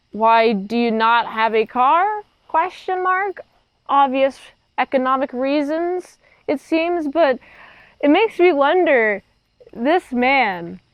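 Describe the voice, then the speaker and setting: A high-voiced woman recaps a horror movie for her channel. She is chatty and joking, and she rambles into asides. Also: no echo, lo-fi sound. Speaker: movie reviewer. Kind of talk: casual film recap.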